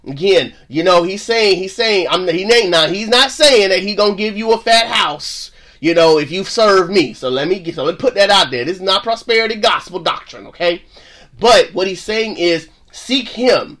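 Man preacher, casual and emphatic, a little high-pitched, loops back on his words. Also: lively intonation, moderate pace, fairly bright tone. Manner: emphatic, repetitive, colloquial, with restarts. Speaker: podcast host and preacher.

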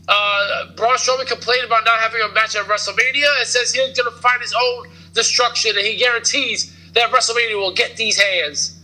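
A man hosts a casual wrestling recap podcast, rambling through it with lots of fillers and jokes. His very high-pitched, sharp voice moves fairly quickly with fairly even intonation, and the audio quality is poor.

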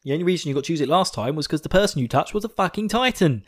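A man's voice: fairly high pitch, expressive, rapid-fire, hardly any pauses. A man hosting a podcast, recapping an episode in a rambling, giggly way full of swearing, buzzing on coffee. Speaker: podcast host.

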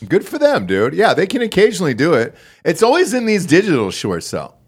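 A man hosting a podcast, chatting casually, swearing freely and reacting loudly. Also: on the high side, brisk, slightly rough. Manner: loose, swearing, animated reactions. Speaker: podcast host. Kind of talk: casual chat.

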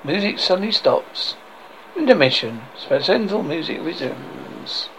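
A man's voice: high voice, sing-song, unhurried, fairly bright tone, slight background noise, rough recording. A man reading a film script aloud, calling out character names and stage directions in a casual read-through.

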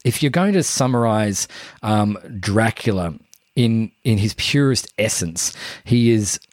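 A young man chats on a podcast in a loose, rambling way and reaches for words as he goes. His voice is fairly low. The recording is close and dry. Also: lively intonation, unhurried, a little mellow, no echo. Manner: chatty, rambling, with many fillers. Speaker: podcast co-host. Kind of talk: casual chat.

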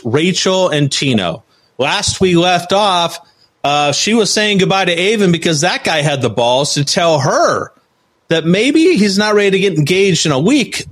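Male podcast co-host, slightly high voice, steady recapper with sarcastic asides.

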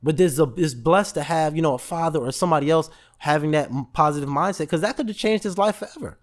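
Male podcast host, slightly high voice, animated storyteller who does the voices. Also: fast. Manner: animated storytelling, acts out voices in quotes, laughs often. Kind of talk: casual motivational talk.

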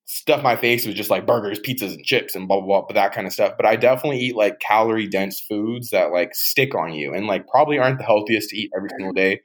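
A man's voice: on the low side, quick pace, hardly any pauses, low-quality recording. A young man as a podcast guest in casual chat, laid-back, laughing a lot and swearing casually.

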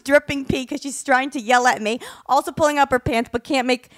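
A young woman co-hosting a podcast with her mother, telling stories in an animated way and acting out what people said. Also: high voice, fairly quick, few pauses. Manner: animated storytelling, acts out quotes loudly. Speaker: podcast co-host. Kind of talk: casual chat. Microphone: studio microphone.

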